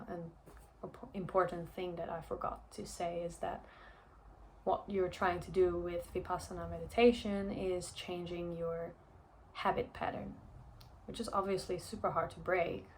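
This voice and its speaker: A woman's voice: fairly low pitch, a little hiss or hum. A young woman telling a personal story in a chatty vlog, with lots of fillers and frequent laughs. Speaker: vlogger.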